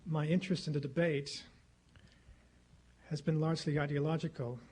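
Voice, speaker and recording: A middle-aged man giving a formal public lecture at a podium microphone in a lecture hall, speaking in a measured, rhetorical way and repeating phrases for effect. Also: a little high, level tone, darkish tone, husky. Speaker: guest lecturer.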